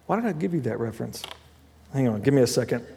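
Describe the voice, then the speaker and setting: A man preaching a sermon as pastor, talking through a scripture passage in a conversational way, with asides and quick self-corrections. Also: medium pitch, expressive, vocal fry, mellow, in a large hall.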